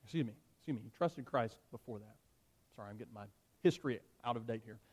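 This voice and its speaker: A man's voice: mid-range voice, fast, a little mellow, husky. A man preaching a sermon as pastor, speaking earnestly and addressing the congregation directly.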